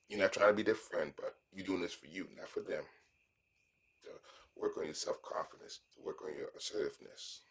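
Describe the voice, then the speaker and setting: A man's voice: sits low, normal speed, husky. A man giving a motivational self-talk monologue, coaching himself and repeating phrases as he acts out sample lines.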